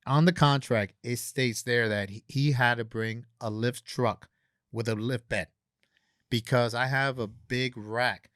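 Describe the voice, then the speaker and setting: Animated man telling a story. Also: medium pitch, unhurried, no echo, clean studio sound. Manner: animated storyteller, acts out quoted dialogue. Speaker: guest, convention organizer. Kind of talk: casual podcast storytelling.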